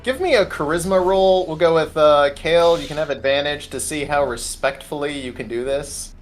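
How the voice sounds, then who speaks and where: Game master, a man narrating a tabletop game on a call, easygoing and rambling, voice a bit high. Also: moderate pace. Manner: casual, rambling, full of fillers. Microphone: online voice call.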